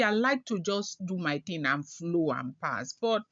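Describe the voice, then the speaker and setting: A woman's voice: on the low side, expressive, a little slow, hardly any pauses, fairly bright tone, dry recording, highs cut off. Chatty woman gossip vlogger. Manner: chatty, keeps adding "okay?" and "you know". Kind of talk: casual gossip monologue.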